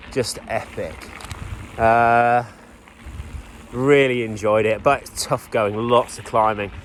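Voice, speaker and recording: A man's voice: mid-range voice, fairly bright tone, slight background noise. A man, a bikepacking racer, giving a chatty, rambling spoken recap of his ride outdoors, with self-deprecating asides. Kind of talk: casual spoken recap while riding. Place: outdoors on a trail, riding a bike.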